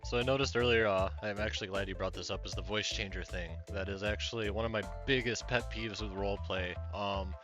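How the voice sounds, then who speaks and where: Male podcast co-host, low voice, laid-back rambling chat, faint music underneath. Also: brisk, hardly any pauses. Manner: relaxed, rambling, many fillers. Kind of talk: casual chat.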